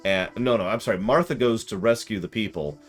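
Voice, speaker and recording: A man casually retelling a game session in an animated, rambling way, often correcting himself. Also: on the low side, brisk, faint music behind. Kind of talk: casual storytelling.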